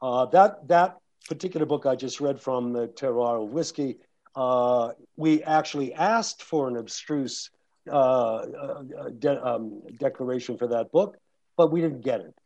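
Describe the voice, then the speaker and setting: A man's voice: medium pitch, measured pace, a little mellow, lo-fi sound. A man who narrates audiobooks, talking casually to an audience in a rambling way with many restarts and fillers. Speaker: audiobook narrator and guest speaker.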